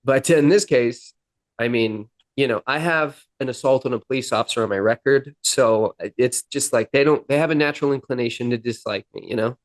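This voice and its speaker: A young man, a podcast guest, telling his own story candidly, with halting restarts. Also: mid-range voice, dry recording. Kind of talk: personal storytelling.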